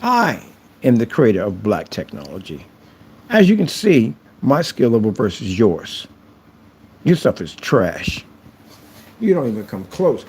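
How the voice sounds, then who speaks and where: A man's voice: medium pitch, darkish tone, slight background noise. A man ranting to camera about his projector screen, boastful and taunting his critics. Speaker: channel creator reviewing projector screens.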